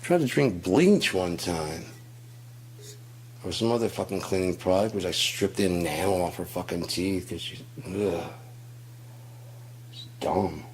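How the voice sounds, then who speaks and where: A man's voice: deep voice, expressive, unhurried, pauses often, slight background noise. A man in a casual monologue, telling stories in a rambling, profane way and acting out quotes. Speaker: host.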